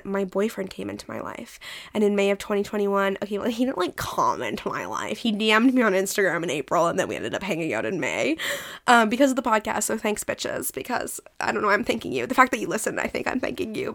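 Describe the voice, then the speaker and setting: A woman in her twenties hosting her own podcast, talking candidly and chattily in a casual solo monologue, swearing now and then. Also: mid-range voice. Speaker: podcast host.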